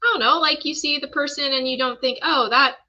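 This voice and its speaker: A woman's voice: sits high, steady tone, fast, bright, forceful tone. A woman co-hosting a live stream, chatting casually and teasing with dry remarks. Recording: dull lo-fi sound.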